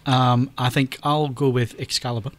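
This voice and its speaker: A man's voice: medium pitch, steady tone, moderate pace, no room sound. A man hosting a casual podcast chat, jokey and steering the topics. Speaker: podcast host.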